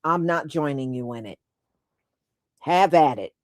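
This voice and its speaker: Blunt woman host, slow and dry. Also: low voice, lively intonation, darkish tone, no echo. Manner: blunt, emphatic, repeats points. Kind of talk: live-stream commentary.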